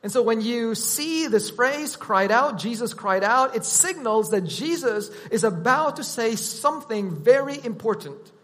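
A man preaching a sermon, teaching in a deliberate, emphatic way. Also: very high-pitched, animated, fairly bright tone, in a large hall.

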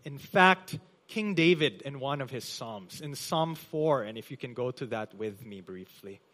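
A man pastor preaching a sermon in a church, with emphatic delivery that swells loud on key phrases and drops soft. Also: mid-range voice, expressive, a little slow. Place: church hall.

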